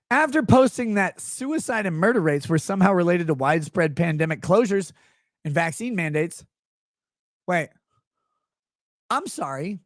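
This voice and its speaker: A man's voice: high voice, lively intonation, moderate pace, pauses often, no room sound, clean studio sound. A man hosting a livestream, ranting about everyday gripes with profanity and sarcasm, and reading chat messages aloud. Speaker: livestream host.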